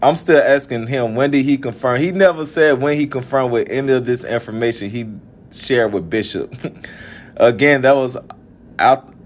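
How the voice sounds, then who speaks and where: A man's voice: medium pitch, normal speed. Venting Southern man from Alabama. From Birmingham, Alabama. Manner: frustrated, venting, with many laughs. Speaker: event organizer. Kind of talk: casual vlog rant.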